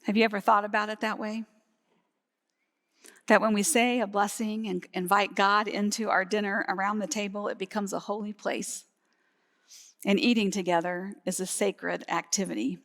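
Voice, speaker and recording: A woman's voice: mid-range voice, level tone, normal speed, fairly bright tone. A woman pastor delivering a live Sunday sermon, teaching steadily and laughing lightly now and then. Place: church sanctuary, live service. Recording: long hall reverb from a church.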